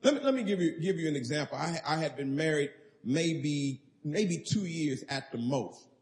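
Man, pastor, high voice, emphatic sermon, call-and-response preaching. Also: expressive, moderate pace, a little mellow.

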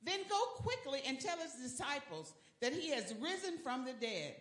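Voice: sits high, sing-song, moderate pace, a bit bright. A member of the congregation reading scripture aloud and echoing the preacher's calls. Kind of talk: responsive reading.

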